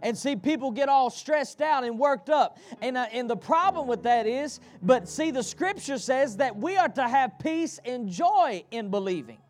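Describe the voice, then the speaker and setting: A man's voice: extremely high pitch, lively intonation, moderate pace, few pauses. A man preaching a sermon to his congregation, calling for responses and repeating phrases in a rhythmic delivery. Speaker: pastor. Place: church.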